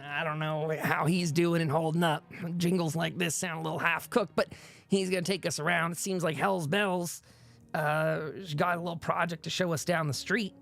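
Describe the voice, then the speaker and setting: A man's voice: a little high, steady tone, normal speed, vocal fry, fairly bright tone, voice pushed up. A man voicing an easygoing male townsman in a tabletop game, casual and folksy in how he talks. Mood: friendly.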